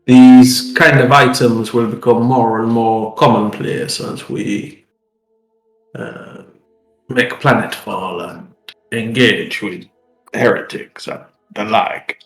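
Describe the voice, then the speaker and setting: A man playing a tabletop game, speaking slowly and hesitantly as he thinks through his words. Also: medium pitch, fairly even intonation, reverberant, soft background music, rough recording. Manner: slow, hesitant. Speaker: player.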